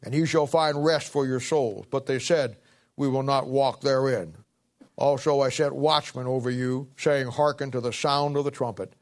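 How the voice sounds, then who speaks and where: A man preaching as pastor, swelling and slowing to read scripture, then falling back into chatty asides, clearing his throat now and then. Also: mid-range voice, steady tone. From Ohio, United States. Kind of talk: sermon.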